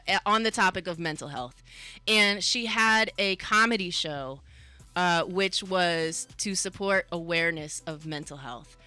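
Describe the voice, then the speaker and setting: A woman hosting a casual radio talk show about mental health, chatty and quick to laugh. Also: mid-range voice, sharp tone, smooth.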